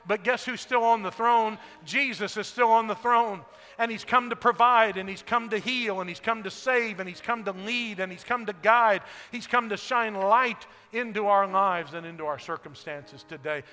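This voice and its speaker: A man pastor preaching a sermon to a congregation, building to loud shouted lines and then dropping his voice. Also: high-pitched, moderate pace. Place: church sanctuary. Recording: echoey hall.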